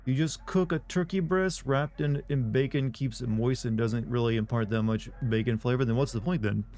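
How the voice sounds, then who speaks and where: A man's voice: mid-range voice, moderate pace, a little mellow. A man on a live game stream chatting casually with viewers, rambling and offhand, with frequent swearing and restarts.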